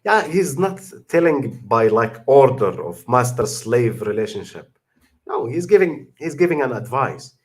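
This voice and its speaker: Young guy, casual livestream talk, lots of uhs and restarts, mid-pitched, gets emphatic. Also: very animated, unhurried. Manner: non-native English with many fillers and restarts, emphatic. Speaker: channel host reacting to a video.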